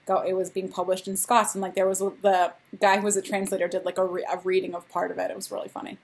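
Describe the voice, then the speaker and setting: A woman's voice: mid-range voice, level tone, fast, gravelly. A young adult woman co-hosting a casual chat, telling stories with dry asides. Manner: chatty storyteller, dry asides. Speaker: podcast co-host.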